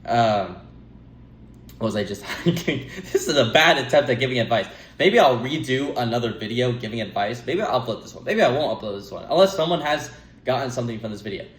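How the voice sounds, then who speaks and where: Speaking a little fast with a mid-range, lively voice, a young man delivers a rambling, casual monologue to the camera from an echoey room. The advice is earnest, though he stops to laugh at himself and drifts away from the subject.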